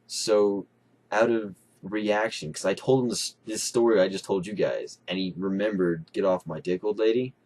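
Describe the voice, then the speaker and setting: Young man, low voice, casual storyteller, animated and profane. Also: normal speed. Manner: excitable, swearing, laughing storyteller. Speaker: co-host.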